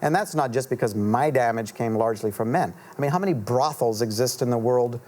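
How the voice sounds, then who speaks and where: A middle-aged man, an author guest in a TV studio interview, telling a story in an earnest, halting way with many fillers and restarts. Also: medium pitch, a little mellow.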